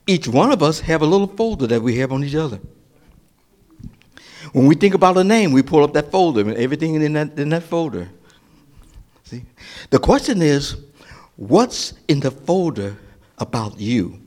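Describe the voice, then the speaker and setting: A male pastor preaching a sermon, asking the congregation questions and answering them himself, rising to loud emphatic lines and dropping to near whispers. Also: a little high, big pitch swings, moderate pace, long pauses.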